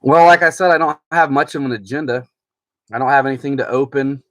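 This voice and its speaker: A man of ordinary pitch talks loosely and chattily on a home live stream. He rambles from card to card and reads viewers' comments aloud as they come in. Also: brisk. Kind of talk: casual live-stream chat.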